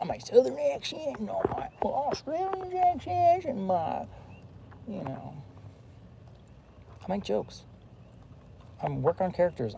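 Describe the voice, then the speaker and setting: A man's voice: on the high side, creaky, mellow, a little hiss or hum, poor audio. A man rambling in a casual monologue, full of fillers and restarts. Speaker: vlogger.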